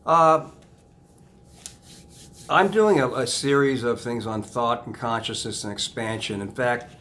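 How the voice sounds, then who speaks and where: Rambling man hypnotist, soft "okay?"s. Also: unhurried. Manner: rambling, restarts sentences, repeats key phrases; drops to a soft, low "okay?" after points. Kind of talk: casual self-help talk to camera.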